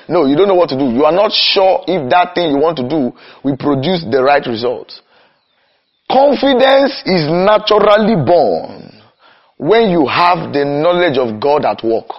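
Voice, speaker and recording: A man's voice: high-pitched, animated. A young man preaching with fervour, his voice rising and falling widely and sitting a little above the usual male range. He drags out his emphatic lines, then races through the rest. The recording is dull and lo-fi. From Nigeria. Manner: impassioned, swings between slow emphatic cries and rapid runs. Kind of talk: sermon.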